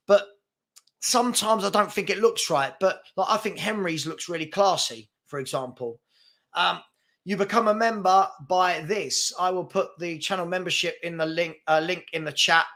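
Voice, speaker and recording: A man's voice: sits high, moderate pace, bright, forceful tone. A man hosting a live fan chat show, chatty and brash as he reads comments and takes on trolls. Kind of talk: casual live-stream chat reading comments.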